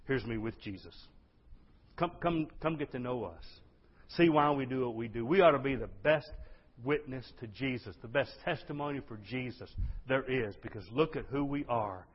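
A male pastor preaching a sermon with exuberant energy, swinging from loud bursts to hushed lines. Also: mid-range voice, husky. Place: church sanctuary. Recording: dull lo-fi sound.

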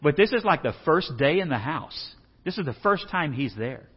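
A man's voice: a little high, animated, normal speed, slightly rough. A man from Texas, teaching a Bible lesson in a folksy, joking way and asking the audience questions. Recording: dull reverberant hall sound.

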